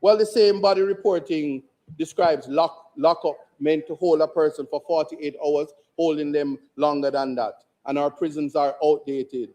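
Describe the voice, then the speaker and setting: Speaking with a steady tone at normal speed, this Jamaican opposition parliamentarian gives a forceful, rhetorical speech in the chamber and repeats key lines for emphasis. His voice sits on the high side.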